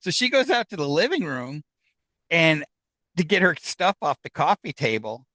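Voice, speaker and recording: A man, a podcast guest, telling a story in a casual, animated way and acting out the dialogue with laughs between lines. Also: on the high side, moderate pace, dry recording, poor audio.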